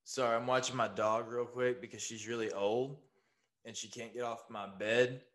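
A man's voice: medium pitch, steady tone, normal speed, a bit bright. A man hosting a podcast from home, chatting casually, swearing freely and calling his guest "bro". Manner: laid-back, swears freely, says "bro" a lot. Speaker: podcast host. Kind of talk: casual chat.

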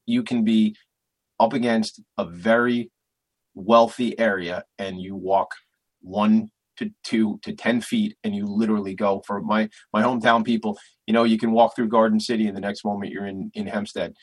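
A man's voice: lowish voice, steady tone, moderate pace, husky, no room sound. A man from Long Island hosting an interview show, thinking aloud and getting impassioned. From Long Island, New York. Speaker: show host. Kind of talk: casual interview.

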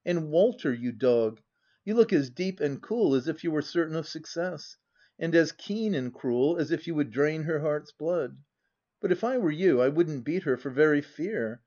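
Loud, bluff teasing man, rough and mocking, voiced by a man, lo-fi audiobook sound. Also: on the high side, expressive, moderate pace. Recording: dull lo-fi audiobook recording.

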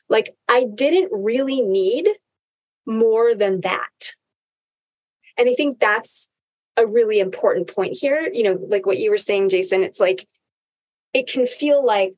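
A woman's voice: mid-range voice, slow. A woman hosting a podcast, speaking candidly and earnestly about personal experience in a casual conversation.

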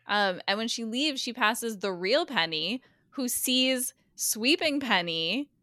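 A woman's voice: a little high, animated, slow pace, pushed and bright, dry recording, studio quality. A woman recapping a TV episode on a podcast in casual chat, acting out the characters' lines as she goes. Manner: chatty, acts out characters' lines while retelling. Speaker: guest co-host.

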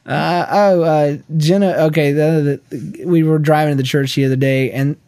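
A man in his thirties co-hosting a podcast in casual chat, telling stories with lots of restarts and quick laughs. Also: a little high, fairly even intonation, darkish tone, dry recording, studio quality. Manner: rambling storyteller with many restarts and laughs. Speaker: podcast co-host.

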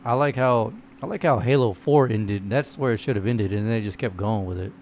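A man's voice: on the low side, fairly quick, darkish tone, slight background noise. A man in casual conversation about video games, laid-back and full of slang and swearing. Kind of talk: casual gaming chat among friends.

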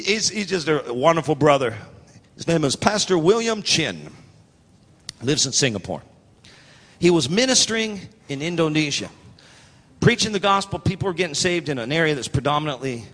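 Male pastor, high bright voice, animated sermon storyteller, echoing hall. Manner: animated storytelling, acting out quoted voices, building to shouts.

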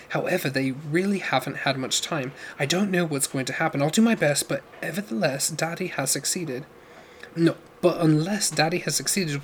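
An earnest young woman courier, urgent and low-voiced, as a male reader puts her on. She speaks softly and deliberately, her pitch nudged a little high. Faint background noise sits under the voice. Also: lightly acted. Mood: hushed. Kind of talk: audiobook character voice.

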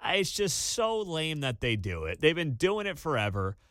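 A man hosting a college sports talk radio show, ranting with incredulous energy and bursts of shouting. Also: on the high side, moderate pace, no echo, studio quality. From Kansas City area. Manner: animated, incredulous rants with sudden shouting.

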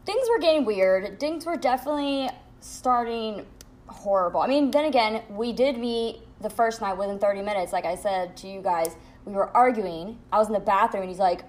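A woman's voice: mid-range voice, moderate pace. A young woman hosting a casual podcast from home, telling a story bluntly and candidly, with plenty of swearing. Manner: blunt, profane, candid venting. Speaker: podcast host.

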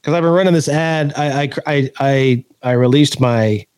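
Casual profane male podcast guest, animated and playful, dry sound. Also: medium pitch, normal speed, clear, resonant tone, no echo. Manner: profane, laughing, animated storyteller.

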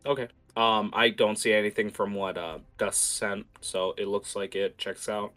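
A man narrating as game master of a tabletop game, casual and halting with lots of fillers. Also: on the low side, fairly even intonation, bright, forceful tone.

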